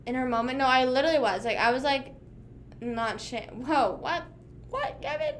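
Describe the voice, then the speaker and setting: Young female streamer, twenties, slightly high voice, casual slangy rambling chat, light background hiss. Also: normal speed. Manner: chatty, slangy, lots of "like" and "bruh". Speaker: livestreamer. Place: home room.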